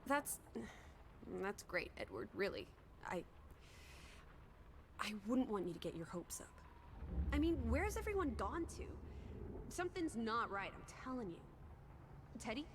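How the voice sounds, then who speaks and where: A woman's voice: on the high side, big pitch swings, noisy background. An actress playing a bossy, teasing young woman companion in a video game. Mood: caring commanding. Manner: brisk and commanding.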